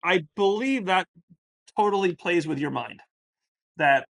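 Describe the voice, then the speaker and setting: A man's voice: high voice, expressive, measured pace, vocal fry, long pauses, fairly bright tone. A man hosting an interview podcast, asking long, rambling questions full of fillers. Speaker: podcast host. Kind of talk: conversational interview.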